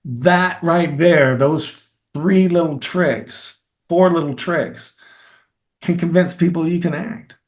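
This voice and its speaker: Middle-aged kentucky guy, filmmaker, teaching acting tricks, animated, repeats lines to show how. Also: fairly high pitch, takes it slowly. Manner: animated, explains with demonstrations and repeated phrases. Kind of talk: conversational interview.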